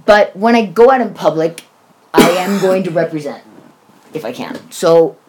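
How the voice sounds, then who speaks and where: A woman's voice: fairly low pitch, lively intonation, normal speed, noisy background. A woman casually telling a story, blunt and profane, with sarcastic asides.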